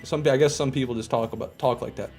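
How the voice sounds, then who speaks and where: Mellow-voiced male gaming streamer. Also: mid-range voice, quick pace, gravelly, soft background music. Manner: relaxed, joking, repeats himself. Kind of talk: casual live commentary reading chat.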